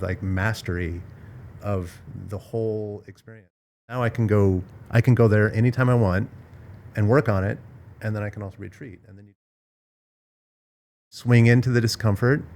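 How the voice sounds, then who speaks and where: A man's voice: lowish voice, darkish tone. A man hosting a podcast, talking through ideas in a thoughtful, searching way with frequent restarts and repeated phrases. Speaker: podcast host. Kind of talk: casual reflective conversation. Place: villa in Bali.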